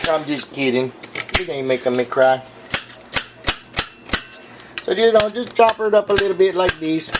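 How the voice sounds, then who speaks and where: Hosting his own cooking show, a high-voiced man rambles cheerfully and slips jokes in between steps, full of fillers and asides, speaking expressively, a little slowly, with frequent pauses. The mic is far away, catching him across an echoey home kitchen. Behind him, pans, pots, dishes and cutlery clink loudly in a noisy casual comedic demo.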